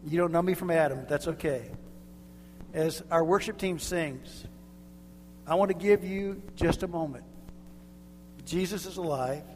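A middle-aged man, a guest pastor, telling stories in a sermon, swinging from loud bursts to near whispers. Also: fairly high pitch, unhurried, pauses often, long reverb tail, slight background noise. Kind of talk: sermon with altar call. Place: church sanctuary.

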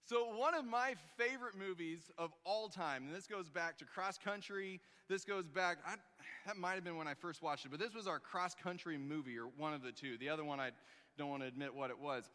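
A man preaching a sermon as a pastor, telling a story with animated emphasis and acting out the lines he quotes. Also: on the high side, moderate pace, big-room sound.

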